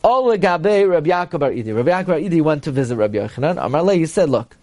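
A man teaching a Talmud class, reading Aramaic lines and explaining them with lively retelling. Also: a little high, racing. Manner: reads Aramaic then explains in English, animated.

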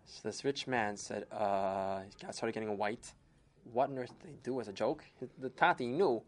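A woman telling a folk tale with lively expression, using Yiddish and Hebrew terms. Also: very deep voice, normal speed. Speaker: storyteller. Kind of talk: animated storytelling.

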